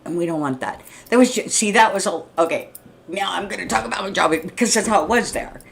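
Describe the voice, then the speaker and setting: A middle-aged woman ranting to camera in a blunt, profane, heated way, often clearing her throat. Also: medium pitch, lively intonation, brisk. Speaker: vlogger. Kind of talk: unscripted rant to camera. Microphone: streaming setup mic.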